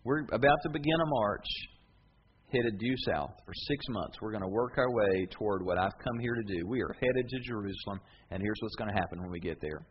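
A man voicing a calm, solemn male teacher who speaks quietly and gravely. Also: on the low side, a little fast, highs cut off, slight background noise, voice pushed down, natural voice.

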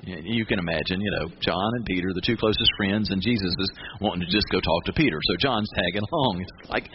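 A male pastor preaches a relaxed, conversational sermon and keeps putting questions to his listeners. His voice comes through a dull, muffled radio broadcast with a steady hiss underneath. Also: on the low side, brisk.

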